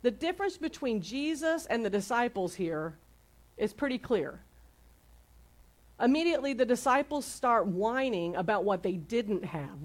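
A woman pastor delivers her sermon in a relaxed, chatty way. She retells the story with playful asides and questions for her listeners. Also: on the high side, a little slow. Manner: casual, conversational preaching with playful retellings.

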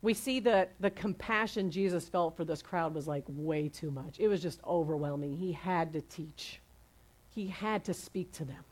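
A woman pastor delivers her sermon in a relaxed, chatty way. She retells the story with playful asides and questions for her listeners. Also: on the low side, moderate pace. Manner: casual, conversational preaching with playful retellings.

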